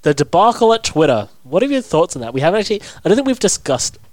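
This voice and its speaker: A man's voice: a little high, very animated, quick pace, a little mellow, dry recording. A young Australian man co-hosting a podcast, joking and rambling in casual chat. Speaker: podcast co-host.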